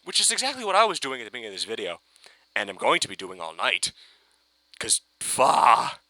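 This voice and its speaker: A man ranting giddily in a fan reaction video, swearing and breaking into excited shouts. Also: fairly low pitch, quick pace, no room sound. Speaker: fan reviewer.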